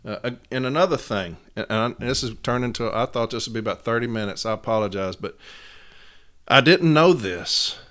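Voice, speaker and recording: A man's voice: mid-range voice, normal speed, a bit bright. Impassioned man ranting on a podcast. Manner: impassioned, repeats phrases for emphasis. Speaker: podcast host, union advocate. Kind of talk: casual podcast monologue.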